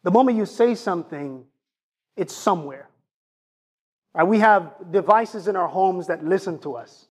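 A man preaching a sermon in an animated, conversational way, often turning to ask his congregation questions. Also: high voice, a little slow, long pauses, husky.

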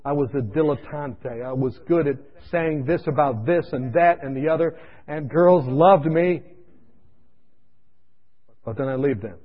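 A man preacher telling his own testimony in a sermon, dramatic and shifting from loud to hushed, in a dull lo-fi radio recording. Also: a little high, a little slow, long pauses. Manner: dramatic storytelling, swinging between loud and hushed.

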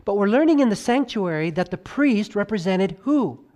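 Dramatic preaching man with big swings. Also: lively intonation. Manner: dramatic swings from loud highs to hushed lows; stretches key words slowly for emphasis. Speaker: pastor. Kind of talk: sermon.

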